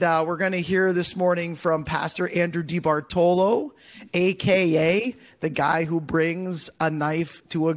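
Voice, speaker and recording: Male podcast host, fairly high voice, upbeat and chatty. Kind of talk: casual podcast chat.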